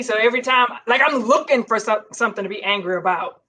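A woman's voice: on the high side, fast talker, pushed and bright. A woman guest in a casual interview, speaking candidly and self-mockingly, laughing often.

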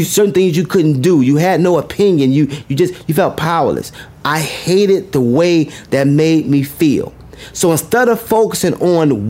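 A man's voice: a little high, darkish tone, slightly rough. A man giving a motivational speech, emphatic and preacher-like, repeating his key lines and asking the audience questions. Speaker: motivational speaker.

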